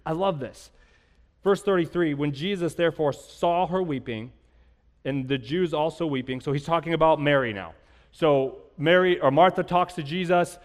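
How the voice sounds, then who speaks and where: High-voiced fervent male preacher in a hall. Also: normal speed. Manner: builds from quiet explanation to fervent, repeated declarations. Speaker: pastor. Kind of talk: sermon.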